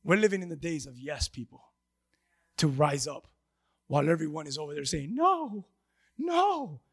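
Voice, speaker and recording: A pastor preaching to his congregation, swinging between loud emphatic lines and hushed passages. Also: a little high, fairly quick, husky. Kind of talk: sermon.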